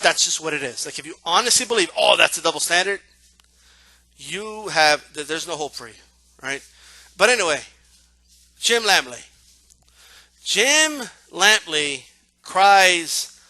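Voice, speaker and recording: A man's voice: fairly high pitch, expressive, unhurried, pauses often, sharp tone, no echo. A man ranting casually about boxing, profane and mocking, often repeating himself and doing sarcastic asides. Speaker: boxing commentator.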